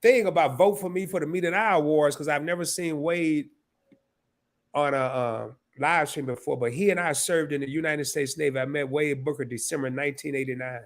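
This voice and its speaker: Live-stream host, man in his fifties, a bit high-voiced, sniffling, rambling with lots of restarts. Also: brisk. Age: 50s. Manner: emotional, rambling, stammering with restarts. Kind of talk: casual live stream chat.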